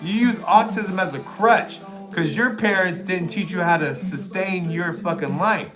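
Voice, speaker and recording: Foul-mouthed streamer, high voice. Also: male voice, unhurried, over music. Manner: taunting, crude, rambling. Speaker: livestream host. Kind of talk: profane livestream rant.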